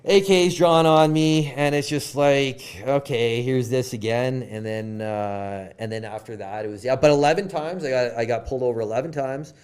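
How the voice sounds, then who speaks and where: A man's voice: mid-range voice, normal speed, hardly any pauses, clean tone. A young Canadian man on a podcast, telling a story casually with many fillers and acted-out quotes. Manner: animated, lots of fillers, quoted dialogue. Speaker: podcast guest.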